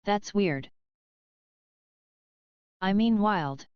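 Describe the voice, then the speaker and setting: A woman's voice: medium pitch, lively intonation, very slow, darkish tone, smooth, no room sound, muffled recording. A woman livestreamer chatting casually and offhandedly with her viewers, cursing now and then.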